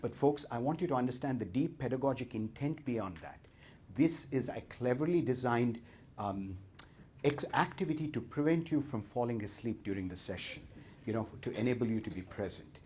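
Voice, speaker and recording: A man's voice: medium pitch, lively intonation, moderate pace, a little mellow, a little hiss or hum. A man with an Indian accent, a professor giving a talk to an audience and telling a story with playful, teasing humor.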